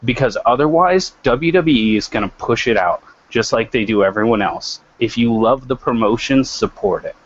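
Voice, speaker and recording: A man's voice: medium pitch, normal speed, hardly any pauses, highs cut off. A man co-hosting a casual chat, chiming in with laid-back remarks. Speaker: co-host.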